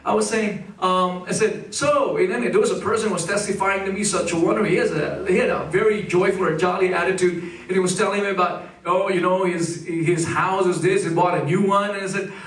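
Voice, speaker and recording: A middle-aged man preaching a sermon as pastor, animated and leading the congregation in call-and-response. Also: high voice, brisk, hardly any pauses, echoey room, distant mic, low-quality recording. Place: church sanctuary.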